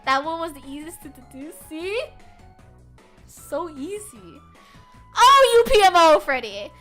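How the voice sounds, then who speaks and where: A young adult woman streamer chatting casually with her viewers, loud and animated, often yelling and laughing, with a sore throat. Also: very high-pitched, a little slow, soft background music. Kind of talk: casual live-stream chat.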